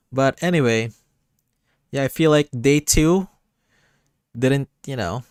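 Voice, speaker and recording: Laid-back, slow-talking male streamer. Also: mid-range voice, darkish tone, smooth, dry recording. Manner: easygoing, self-deprecating. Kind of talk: casual livestream chat.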